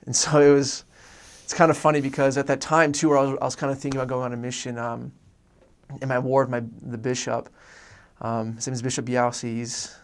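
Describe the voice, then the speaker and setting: Speaking fairly quickly in a flat, mid-range voice, a young adult man from Oregon relates his personal faith journey. The delivery is casual and sincere but rambling, punctuated by restarts and fillers.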